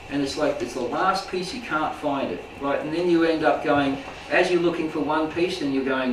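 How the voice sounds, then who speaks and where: In an informal talk to a small indoor audience, a spiritual healing teacher rambles a bit fast with few pauses, his pitch fairly high, asking "right?" and "make sense?" as he goes. The recording is echoey from a distant mic, with slight background noise.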